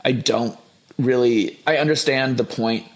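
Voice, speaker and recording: Emphatic young man reviewing a film. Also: mid-range voice. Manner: emphatic, rapid opinions with restarts. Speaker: podcast guest. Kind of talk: casual review chat.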